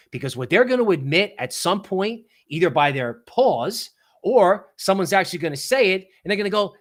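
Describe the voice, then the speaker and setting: A man hosting a livestream of casual market commentary, animated and sarcastic, often acting out mock quotes. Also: a little high. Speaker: livestream host.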